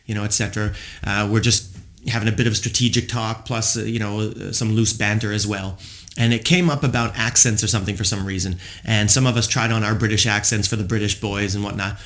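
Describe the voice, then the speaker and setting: A man in his forties talks through personal stories in a low, easy voice. He meanders, circling back with plenty of fillers as he reflects on himself out loud. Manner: rambling, many fillers, self-reflective. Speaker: podcast host.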